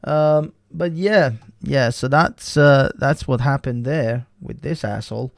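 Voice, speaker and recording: A man's voice: medium pitch, slow, creaky, no echo, clean studio sound. A man hosting a live stream, ranting in profane, heated commentary that often breaks off and restarts. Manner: profane, heated, interrupts himself. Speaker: livestream host.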